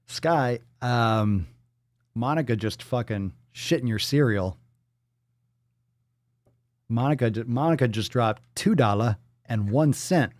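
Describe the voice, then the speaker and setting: A man's voice: mid-range voice, slow, long pauses, darkish tone, dry recording, studio quality. A man hosting a livestream, reading out viewer donations and messages in casual, profane chat full of jokes and riffs. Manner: joking, profane and riffing off-the-cuff. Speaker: livestream host.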